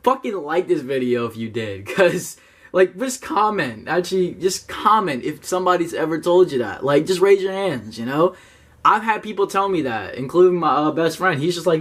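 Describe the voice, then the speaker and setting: A man's voice: on the high side, normal speed. Blunt, profane young man talking to camera. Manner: blunt, profane, animated, talks straight to viewers. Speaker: self-help YouTuber. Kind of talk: casual talk to camera.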